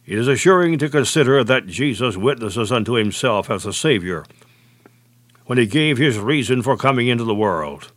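A man preaching a sermon, measured and deliberate, slowing and dropping low on key phrases. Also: lively intonation, no room sound.

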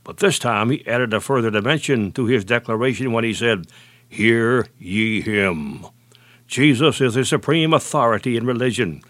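A man preaching a sermon, measured and deliberate, slowing and dropping low on key phrases. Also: dry recording.

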